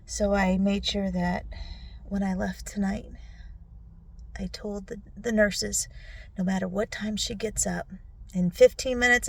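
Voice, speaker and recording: A tearful middle-aged woman recording a personal video recap on her phone, speaking softly and often dropping to a whisper. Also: mid-range voice, creaky, slight background noise. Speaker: vlogger. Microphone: phone selfie video.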